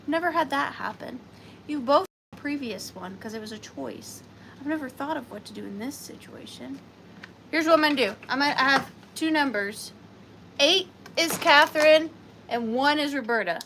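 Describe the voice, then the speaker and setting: A woman's voice: high-pitched, lively intonation, moderate pace, creaky, pushed and bright, a little hiss or hum. A woman hosting a live online sale, chatting playfully with viewers and calling them by name. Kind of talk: chatty live-stream selling.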